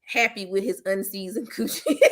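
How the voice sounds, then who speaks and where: A woman hosting her own channel, chatting casually with viewers in a blunt, slangy, teasing way and breaking into loud playful laughter. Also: medium pitch. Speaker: host of a commentary channel. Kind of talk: casual chat reacting to viewers.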